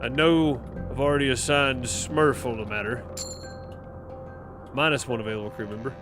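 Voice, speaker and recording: A man's voice: medium pitch, steady tone, moderate pace, music in the background. A man hosting a let's play, reading game text aloud and commenting, self-deprecating and stumbling over words. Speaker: gaming channel host.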